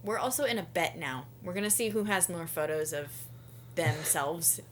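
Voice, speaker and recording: A woman with a Southern American accent chatting casually, excitable and laughing often as she retells things. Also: fairly low pitch, moderate pace, a little hiss or hum. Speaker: larp player, co-interviewee. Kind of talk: casual chat.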